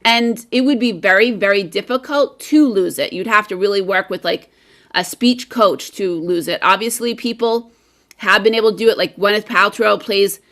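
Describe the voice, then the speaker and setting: A woman's voice: mid-range voice, moderate pace, fairly bright tone. An American woman who teaches English, chatting on a video call in an enthusiastic, rambling way with many fillers. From United States. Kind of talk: casual video-call chat.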